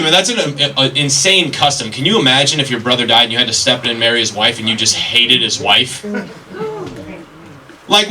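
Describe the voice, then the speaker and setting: A man doing a chatty, self-deprecating stand-up comedy set, telling stories on a club stage. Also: medium pitch. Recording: stage mic from a distance, crowd laughter.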